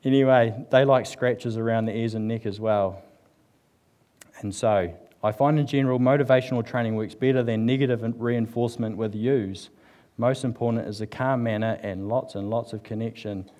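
With a dark-toned, mid-range voice, fairly even intonation, and normal speed, this church speaker addresses a live congregation at a service. His sermon is casual and funny, loaded with fillers and jokes, and he reads passages aloud.

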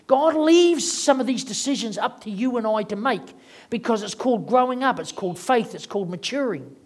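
A middle-aged man preaching a sermon as pastor, talking in a conversational way and acting out the voices of people he quotes. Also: extremely high pitch.

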